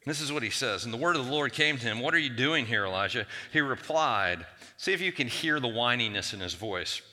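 Preaching in a church hall, a man imitates biblical figures' whiny complaints by raising his voice. His delivery is animated and fairly quick, pushed and bright, with long reverb from the hall.

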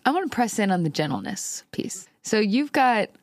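A woman's voice: medium pitch, sing-song, moderate pace, darkish tone, no echo, studio quality. A woman hosting a podcast, asking friendly, curious questions. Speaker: podcast host. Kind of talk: casual interview.

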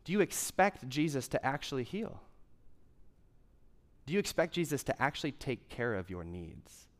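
A young man delivers a sermon in a relaxed, talky way. He circles back to key phrases and repeats them for emphasis, then drops into asides and fillers before pressing the point again. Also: medium pitch, moderate pace. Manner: conversational preaching with emphatic repetition. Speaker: pastor.

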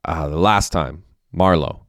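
A man reading aloud and voicing an eager young ex-soldier who keeps pitching ideas. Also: a little slow, a bit bright, no room sound, studio quality.

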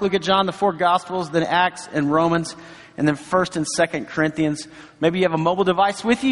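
A middle-aged male pastor preaching a sermon in a church, telling stories in an earnest, encouraging way with lots of asides. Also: sits high. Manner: storytelling, earnest and encouraging, many asides like "right?" and "you know". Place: church sanctuary. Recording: long hall reverb.

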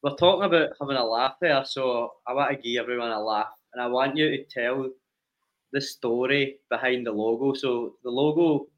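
A young man chatting in a relaxed way and chuckling as a podcast co-host. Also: mid-range voice, moderate pace. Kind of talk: casual chat. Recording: dull lo-fi sound.

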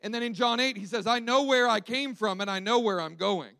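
A man preaching a sermon in an animated storytelling way, acting out the quotes he tells. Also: sits high, fairly quick, gravelly, dry recording.

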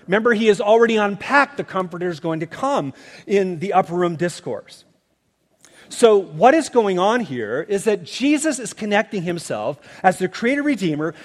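A man preaching a sermon, teaching through scripture with emphatic asides to the listeners. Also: high voice. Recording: long reverb of a large hall.

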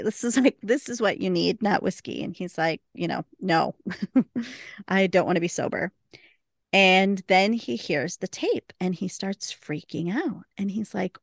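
A woman with a lowish voice chats through a TV episode on a podcast, acting out the characters' lines as she goes. She laughs easily, and her voice sits close and dry on the mic with no room around it. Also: normal speed, creaky, dry recording. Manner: retells scenes with quoted lines, laughs often. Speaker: podcast co-host. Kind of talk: casual recap chat.

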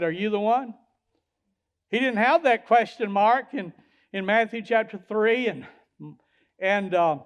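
A man pastor preaching a sermon, swinging from loud hollering peaks down to low, quiet drops. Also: clean tone.

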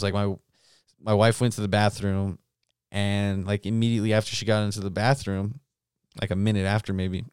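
A man hosting a solo podcast, telling a story in a profane, animated, casual rant. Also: fairly low pitch, smooth, dry recording, clean studio sound. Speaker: podcast host.

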